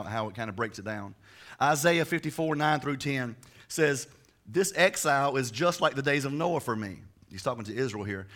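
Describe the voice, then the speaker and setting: Bright-voiced man preaching a chatty sermon. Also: on the high side. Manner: chatty storytelling with many restarts. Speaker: pastor.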